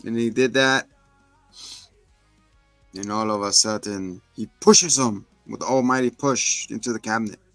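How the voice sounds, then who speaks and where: A man co-hosting a podcast, retelling film scenes in an animated, slangy way. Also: lowish voice, measured pace, pauses often, no echo, soft background music. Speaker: podcast co-host reviewing a film. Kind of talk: casual chat.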